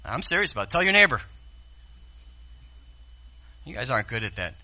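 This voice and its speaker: Bright-voiced man preaching a sermon. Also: mid-range voice, sing-song, fairly quick. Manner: swings from hushed asides to loud exclamations; addresses the congregation directly. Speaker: pastor.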